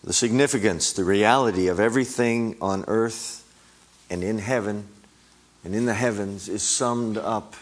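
Middle-aged male preacher, low voice, unhurried sermon delivery with emphatic repetition. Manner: emphatic, rising on repeated words.

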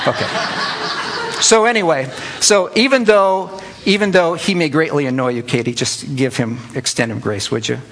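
A middle-aged man leads a relaxed church Bible lesson in a slightly raised voice. He talks conversationally and breaks off to call on people in the room by name. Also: on the high side. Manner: conversational, addresses listeners by name, animated asides. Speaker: pastor teaching a church group. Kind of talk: informal Bible teaching.

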